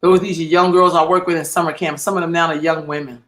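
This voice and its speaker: Fiery, high-voiced man ranting on a livestream. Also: flat delivery, fast, fairly bright tone, reverberant. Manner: heated, profane, emphatic and repetitive. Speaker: livestream host. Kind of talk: impassioned livestream monologue.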